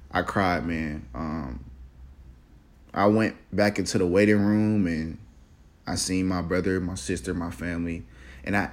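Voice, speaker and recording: A young man in college, telling a personal story in a casual, halting, reflective way, with many fillers and restarts. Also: low voice. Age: young adult.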